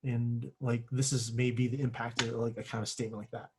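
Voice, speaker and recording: A man teaching a class in a casual lecture, full of fillers, often clearing his throat and correcting himself mid-sentence. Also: mid-range voice, flat delivery, brisk, background noise. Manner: self-correcting, searches for words. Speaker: instructor. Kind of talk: classroom lecture on giving feedback.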